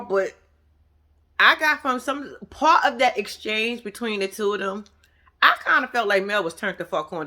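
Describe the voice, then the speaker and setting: A woman giving a casual, profane, animated recap of a reality show, acting out what people said. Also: mid-range voice.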